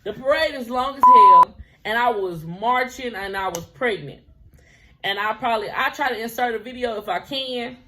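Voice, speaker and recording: Chatty young woman with a bright voice. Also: on the high side, moderate pace, a little hiss or hum. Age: 20s. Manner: chatty, laughs often, drifts into quoted dialogue. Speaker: vlogger telling her own story. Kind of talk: casual storytime chat.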